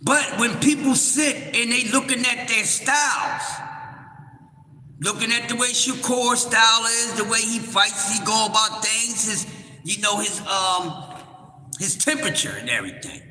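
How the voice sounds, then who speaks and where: Loud, profane man. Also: sits high, a little slow. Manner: profane, heated, shouting. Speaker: live stream host. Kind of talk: boxing recap and ranting at a chat troll. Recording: echoey room with long reverb.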